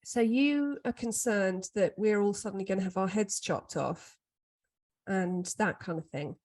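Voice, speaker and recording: A woman, talking in a relaxed podcast chat. Her pitch sits in an ordinary middle range, and she tells stories with lively, chatty animation. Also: a little slow. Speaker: podcast co-host. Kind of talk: casual chat.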